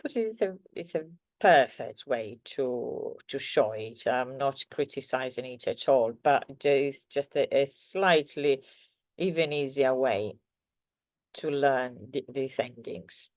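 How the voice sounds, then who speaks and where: A woman teaching a language lesson, walking through slides patiently with many pauses and fillers. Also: a bass voice, lively intonation, darkish tone, no echo. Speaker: Italian teacher. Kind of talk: grammar lesson explaining slides.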